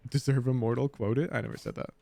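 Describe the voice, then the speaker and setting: A man's voice: medium pitch, steady tone, fast talker, vocal fry, mellow. A man coaching a player through a gameplay review, emphatic and blunt, repeating his key points. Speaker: game coach.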